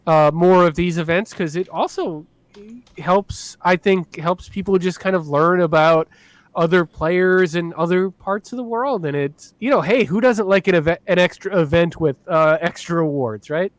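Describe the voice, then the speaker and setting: A man's voice: sits high, moderate pace, no room sound. A man co-hosting a casual podcast, enthusiastic and rambling with lots of fillers. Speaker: podcast co-host.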